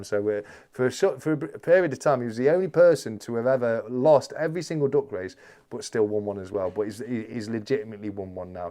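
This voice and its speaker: A man's voice: on the low side, warm tone. A man hosting a live stream, reading viewer comments aloud in a chatty, jokey way and calling people mate.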